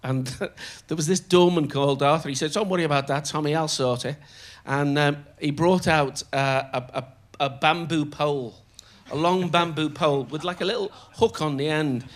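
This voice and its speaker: Older guy telling old showbiz stories on stage, keeps laughing, fairly high voice, does little voices for everyone. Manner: animated, often laughing while telling, doing quick voices of others. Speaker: comedian guest. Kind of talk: storytelling anecdotes in conversation. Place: on stage in a theatre before a live audience.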